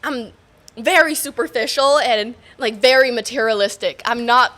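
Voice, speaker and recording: A woman's voice: a little high, moderate pace, sharp tone. A woman in her twenties from Thailand, a giggly, easygoing guest on a casual chat show.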